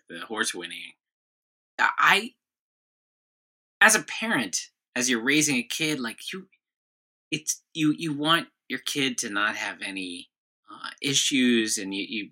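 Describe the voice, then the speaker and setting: A middle-aged man co-hosting a casual podcast, chatty and quick to react, talking about his kids. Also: on the low side, expressive, pushed and bright. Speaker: podcast co-host.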